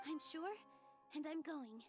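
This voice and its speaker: A woman's voice: high-pitched, unhurried, soft background music. A woman voicing a confident young dancer who speaks in a sweet, reassuring way.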